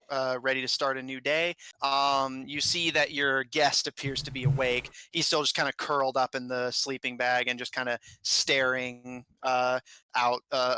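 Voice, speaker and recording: A man's voice: medium pitch, bright, forceful tone, clear, resonant tone, dry recording, low-quality recording. A man narrating as game master in a tabletop game, laughing often and using many fillers.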